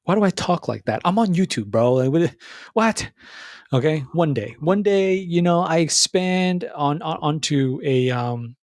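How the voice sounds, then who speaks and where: A young man talking casually to his viewers, rambling and stammering through restarts, animated and full of bro slang. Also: on the high side, a little slow, no room sound, clean studio sound. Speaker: YouTuber. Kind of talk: casual monologue to camera.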